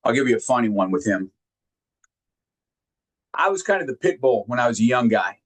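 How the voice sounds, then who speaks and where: A man giving a heartfelt motivational talk, sharing personal stories earnestly and emphatically, often halting and repeating words when moved. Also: medium pitch, big pitch swings. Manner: emphatic, directly addresses listeners. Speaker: motivational speaker.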